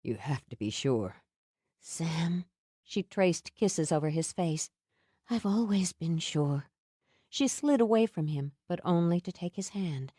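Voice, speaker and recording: Romance audiobook narrator: a woman, soft and intimate, warm lower voice, dry studio. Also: no room sound. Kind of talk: scripted narration.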